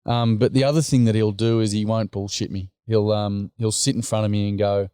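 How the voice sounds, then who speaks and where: Mellow, smooth-voiced Australian man. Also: lowish voice, level tone, brisk, few pauses, no echo, studio quality. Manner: earnest, plain-spoken, rambling with many fillers. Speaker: guest, men's group leader. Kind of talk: casual conversation.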